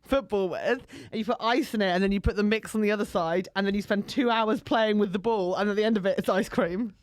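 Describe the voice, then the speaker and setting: Woman, playful, teasing, mid-pitched, dry close sound. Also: fairly quick, dry recording. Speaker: podcast co-host. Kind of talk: casual chat.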